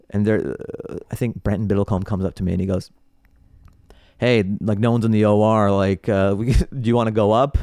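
A man with a fairly low voice tells stories on a podcast, loose and animated, breaking into laughter between phrases. The recording is dry and close, with no room sound. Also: no room sound. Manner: animated, laughs often mid-sentence. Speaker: comedian guest. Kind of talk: casual podcast storytelling.

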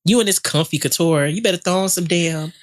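A woman's voice: on the low side, brisk. A woman co-hosting a comedy gossip podcast, making blunt, profane wisecracks in casual chat. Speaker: podcast co-host.

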